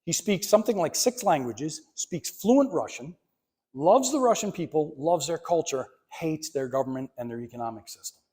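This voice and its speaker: A man's voice: fairly high pitch, animated, moderate pace, dark tone. A man in his fifties giving a conversational, emphatic history lecture in a library, with wry asides. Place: library meeting room.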